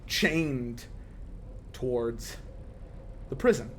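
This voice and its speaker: A man narrating a tabletop role-playing game as game master, with lively, stumbling storytelling full of fillers. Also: medium pitch, very slow, slight background noise.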